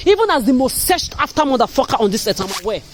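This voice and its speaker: A woman's voice: sits high, very animated, fast talker, noisy background. Woman, from Africa, angry vlog rant, cursing, repetitive, accusatory. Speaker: vlogger.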